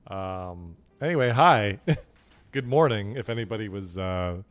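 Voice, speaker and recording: Man, game streamer, laughing, swearing, lively swooping voice, slow drawn-out delivery. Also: fairly low pitch. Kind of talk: live gameplay commentary.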